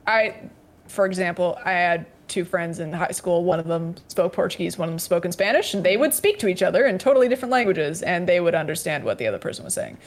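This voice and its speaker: Woman, casual chat, rambling and halting, lively swooping pitch. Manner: rambling, halting, many fillers and restarts.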